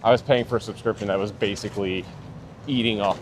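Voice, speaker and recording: A man's voice: on the low side, fairly even intonation, fast talker, slight background noise. A man who streams, walking the city with a friend and trading dry quips in casual chat. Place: outdoors on city streets, walking.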